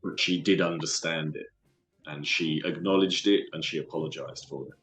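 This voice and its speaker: A man from London with a London accent, a guest telling stories from his life in an earnest, halting way with many restarts. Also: very deep voice, a bit bright, reverberant, faint music behind. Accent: London English. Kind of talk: casual storytelling interview.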